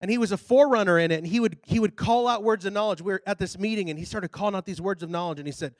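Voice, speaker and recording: A man preaching a sermon in a church, telling a story in a casual, animated way and building up to loud, shouted exhortations. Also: high-pitched, quick pace, few pauses, no room sound.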